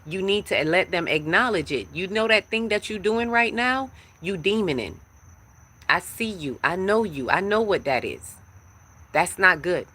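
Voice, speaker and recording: Woman, livestream spiritual talk, emphatic, repeats herself, sharp bright tone. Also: fairly low pitch, animated, a little slow, slightly rough. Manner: emphatic, repetitive, preachy. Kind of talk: live-streamed spiritual talk.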